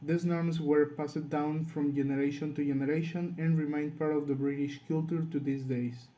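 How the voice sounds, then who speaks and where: A man's voice: a little high, flat delivery, moderate pace, dark tone, low-quality recording. A man with a Latin American Spanish accent reading a class presentation from a script. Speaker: student presenter.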